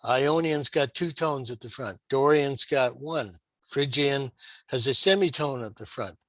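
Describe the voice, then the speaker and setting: Male guitar tutor, middle pitch, patient and methodical, crisp dry home-mic sound. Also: a little slow, a bit bright, no room sound, poor audio. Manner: patient, explanatory, with fillers and rhetorical questions. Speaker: guitar teacher. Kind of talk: screen-shared music lesson.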